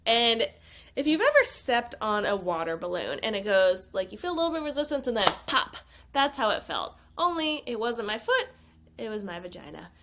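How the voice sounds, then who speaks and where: A woman's voice: a little high, sing-song, moderate pace, background noise. A woman, a podcast guest, telling a personal story in casual talk and acting out her own past lines. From United States.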